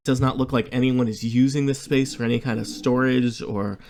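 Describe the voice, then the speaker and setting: A man narrating as game master of a tabletop game, halting often with filler sounds. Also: medium pitch, fairly even intonation, darkish tone, slight background noise.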